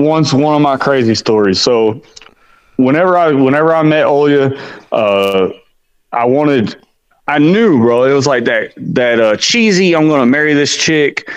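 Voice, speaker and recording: A man in his forties, sitting in as a podcast guest, tells a wild story loosely and profanely, tossing "bro" into nearly every turn. His voice sits a little high for a man, and the recording is dry and close, with no room sound. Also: clear, resonant tone, no room sound. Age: 40s. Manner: animated, profane, keeps saying "bro". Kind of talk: casual storytelling.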